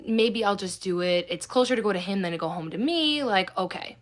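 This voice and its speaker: A woman's voice: mid-range voice, expressive, fairly quick. Young adult woman, storytime host, casual and profane with a sarcastic bite.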